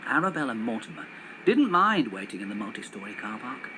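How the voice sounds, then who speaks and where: A man reading a children's story aloud on television in an animated, expressive way. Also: mid-range voice, quick pace, slight background noise, rough recording.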